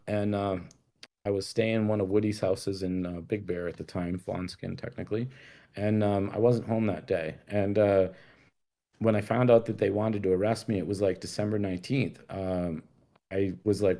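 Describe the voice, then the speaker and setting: Low-voiced guy telling a story, laid-back, swears a lot, acts out the voices. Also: dark tone. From Rhode Island. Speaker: guest. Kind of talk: casual storytelling.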